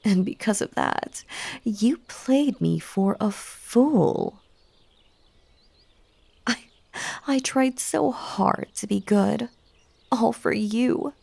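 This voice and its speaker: A woman voicing a possessive, obsessive young bunny girl in an audio drama, speaking slowly, pleading and then commanding. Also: fairly high pitch, vocal fry, dark tone, dry recording. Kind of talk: audio drama role-play.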